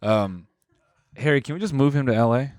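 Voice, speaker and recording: A man co-hosting a podcast in casual banter, teasing his partner with deadpan jokes. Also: mid-range voice, fairly quick, no room sound, clean studio sound. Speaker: podcast co-host.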